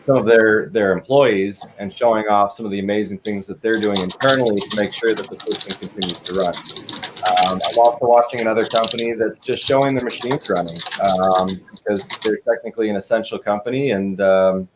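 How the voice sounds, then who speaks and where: A man from Michigan, a guest, giving earnest, measured answers about industrial marketing. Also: lowish voice, fairly even intonation, noisy background. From Michigan, USA. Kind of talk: interview answers.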